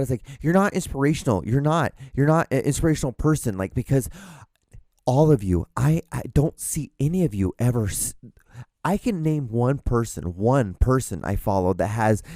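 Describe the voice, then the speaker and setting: A young man rants on his solo podcast, cursing at nearly every turn and briefly mocking people in put-on voices. His tone is dark and mellow, and the recording is dry and close, with no room echo. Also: mid-range voice. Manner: swears constantly, mocks people in put-on voices. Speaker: podcast host. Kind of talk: profane ranting monologue. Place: small room.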